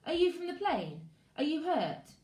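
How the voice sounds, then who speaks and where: A woman's voice: high-pitched, big pitch swings, moderate pace, darkish tone, pitched above the performer's own voice. A woman voicing a shaken young boy, a crash survivor, who talks cautiously and breathlessly. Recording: echoey room.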